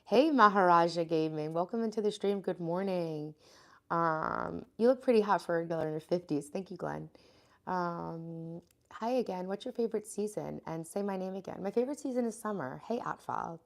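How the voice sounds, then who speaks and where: Congested American woman with vocal fry. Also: on the low side, normal speed, fairly bright tone. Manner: chatty, rambling, greets viewers by name. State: congested, sniffling. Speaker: livestreamer greeting her chat. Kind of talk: casual live-stream chat.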